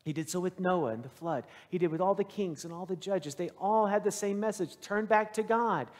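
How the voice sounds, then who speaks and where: A middle-aged male pastor with a notably high voice preaches in a church sanctuary, his words trailing into a long reverb. He tells his story in an animated, self-deprecating way, swinging between loud bursts and hushed stretches. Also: brisk. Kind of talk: sermon with personal storytelling.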